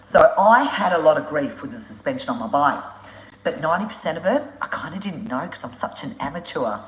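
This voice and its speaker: A low-pitched woman chats on a live stream, spinning travel stories in a blunt, animated way and swearing without a second thought. She laughs often as she talks. Her voice bounces around a roomy, echoey space. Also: fairly quick, a little hiss or hum. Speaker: motorbike traveller hosting a live Q&A. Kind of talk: casual live-stream storytelling.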